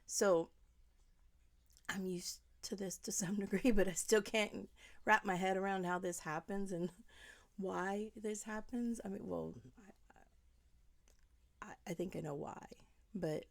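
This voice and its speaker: A woman's voice: medium pitch, fairly even intonation, measured pace. A woman giving an angry, rambling commentary monologue, talking straight at the person she criticizes and sometimes dropping to a whisper. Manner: heated, rambling, addresses the subject directly, drops to whispers. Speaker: commentary vlogger.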